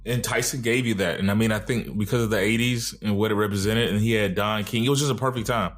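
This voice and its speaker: A man co-hosting a podcast with his brothers, telling stories in a laid-back, drawn-out way with many fillers. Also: lowish voice, steady tone, faint music behind. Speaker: podcast co-host. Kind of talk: casual chat.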